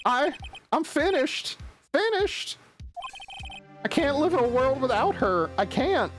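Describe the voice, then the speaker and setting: A man voicing a distraught, melodramatic young man who wails and sobs in a high, whiny voice. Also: sing-song, slow pace, music in the background, heavily acted. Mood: wailing despair.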